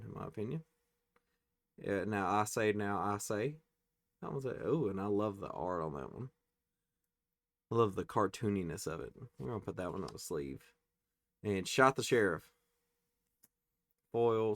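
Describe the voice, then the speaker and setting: A man hosting a casual pack-opening video, reading card names aloud and tossing in quick offhand reactions. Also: lowish voice, creaky, no echo. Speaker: card-opening channel host.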